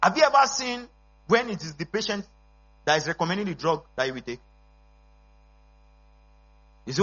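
A man preaching a sermon as pastor, emphatic, with call-and-response and bursts of shouting. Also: a little high, expressive, brisk, pauses often, breathy edge. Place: church service. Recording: dull lo-fi recording with mains hum.

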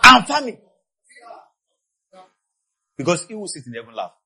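High, animated, husky preacher man. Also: moderate pace. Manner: passionate preaching, swinging between low asides and shouted peaks; repeats key phrases for emphasis. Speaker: pastor. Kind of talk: sermon.

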